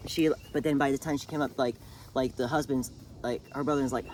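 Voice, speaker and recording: A channel host speaks at normal speed in a medium-pitched, slightly mellow voice, with a touch of hiss or hum on the recording. Recapping a TV drama for a friend, the host rambles, uses plenty of fillers, restarts repeatedly, and breaks into bursts of laughter.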